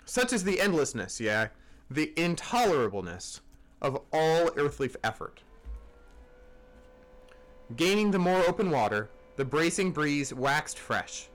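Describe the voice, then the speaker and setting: A man's voice: on the high side, sing-song, moderate pace, poor audio. Man reading a classic novel dramatically. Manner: dramatic reading with occasional stumbles. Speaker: audiobook narrator.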